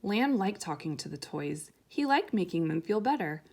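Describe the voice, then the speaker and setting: A woman reading a children's picture book aloud in a gentle, soft, unhurried way. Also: fairly low pitch, sing-song, slight background noise. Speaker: storyteller.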